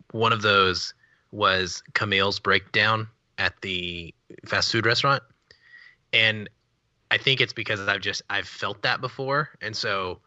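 A man's voice: fairly low pitch, bright, forceful tone, no room sound, highs cut off. A man co-hosting a casual chat podcast, speaking in a reflective, earnest way. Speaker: podcast co-host.

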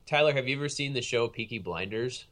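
A man with an average-pitched voice talks about films in a relaxed chat. He hesitates and restarts sentences before getting to his point. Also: quick pace. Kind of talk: casual film chat.

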